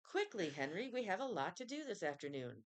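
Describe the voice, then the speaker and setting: A woman's voice: lowish voice, big pitch swings, brisk. A woman voicing a fussy, flustered schoolteacher who fusses and scolds, in a storybook reading. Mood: brisk.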